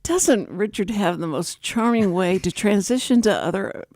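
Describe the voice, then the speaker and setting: A woman hosting a talk radio show, telling personal stories in a rambling, animated way. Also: mid-range voice, normal speed, dry recording, studio quality. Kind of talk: casual talk radio chat.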